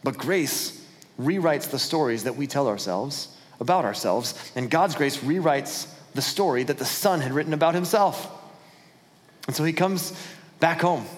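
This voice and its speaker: A man with a fairly high voice preaches a sermon, telling the story in his own voice and briefly acting out the people in it. His words ring out through a church hall with a long, lingering reverb. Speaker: pastor.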